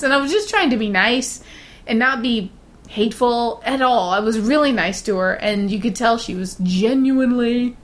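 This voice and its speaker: A woman's voice: fairly high pitch, normal speed. A woman in casual conversation, telling stories in a chatty way and laughing often. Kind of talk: casual chat.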